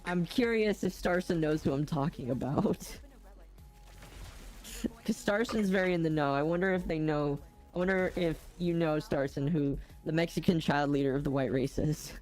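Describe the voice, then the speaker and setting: Deep-voiced lady streamer laughing a lot while gaming, faint music in the back. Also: moderate pace, a little mellow. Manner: giggly, exclaims often, chatty. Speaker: streamer host. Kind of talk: casual livestream chat.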